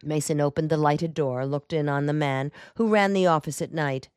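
A woman reading a detective novel aloud in a measured, even storytelling manner. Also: deep voice, smooth, no room sound, clean studio sound. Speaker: audiobook narrator. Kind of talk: scripted narration.

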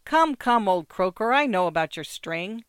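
A storybook narrator voicing a mocking, rowdy male jockey in an inn, delivering his lines loud and jeering. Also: mid-range voice, moderate pace, clean tone, no echo, clean studio sound, lightly acted.

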